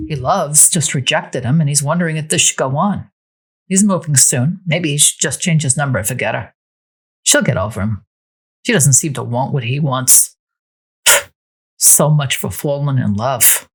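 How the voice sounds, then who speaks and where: Woman host narrating a Sims story, husky low voice, very animated reading. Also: moderate pace, long pauses.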